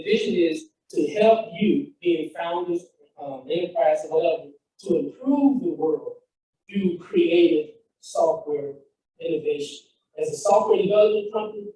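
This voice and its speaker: The speaker, a founder, has a high, mellow voice and stands far from the mic in an echoey hall. He's giving a fired-up motivational talk and tells a story with quoted dialogue.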